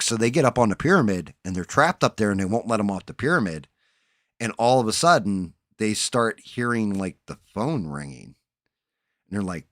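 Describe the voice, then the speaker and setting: A man's voice: on the low side, lively intonation, normal speed, a bit bright, dry recording, studio quality. A man hosting a casual chat show, retelling horror movie plots in a loose, profane way and acting out the characters' lines. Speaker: podcast host.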